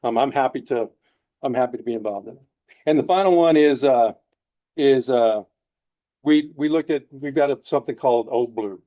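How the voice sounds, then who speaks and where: A man's voice: mid-range voice, normal speed, phone-quality sound. A man giving a committee report at a town meeting, talking in a folksy, repetitive way.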